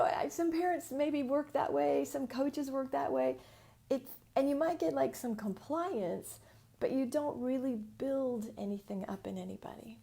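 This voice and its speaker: An American woman teaching in a casual live talk, frank and feisty, with an occasional swear word. Her voice sits a bit high and carries a gravelly, creaky edge. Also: dark tone. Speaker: business mentor.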